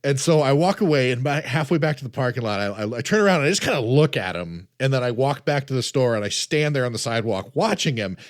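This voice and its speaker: A man in his forties hosting a podcast, telling stories in a casual, animated way with frequent stammered restarts. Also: mid-range voice, quick pace, few pauses. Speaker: podcast host. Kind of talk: casual chat.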